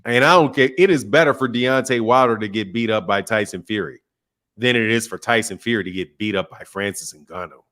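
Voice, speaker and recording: A man hosting a boxing talk show, excitable and animated, laughing often. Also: lowish voice, brisk. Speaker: host. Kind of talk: casual chat.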